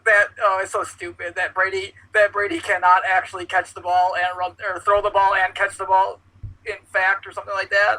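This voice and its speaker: A man talking football on a casual podcast, his voice high and piercingly bright. He gets excitable, swears freely and acts out big moments loudly. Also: fairly quick, poor audio. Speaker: podcast co-host. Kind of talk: casual sports chat.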